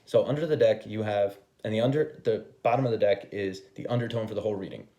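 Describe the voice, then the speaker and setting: A young man talks through a tarot spread in a casual, swearing, animated way, often breaking into little acted-out quotes. His voice is warm and mellow, and he keeps checking in with an "okay?" after each point. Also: fairly low pitch, quick pace, lo-fi sound. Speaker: tarot reader. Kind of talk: casual tarot reading to camera.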